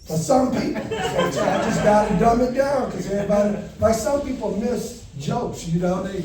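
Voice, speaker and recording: A man doing a stand-up comedy set, telling a story with animated delivery and panicked shouted bits. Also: high voice, normal speed, over a noisy crowd. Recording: echoey venue heard from a distance.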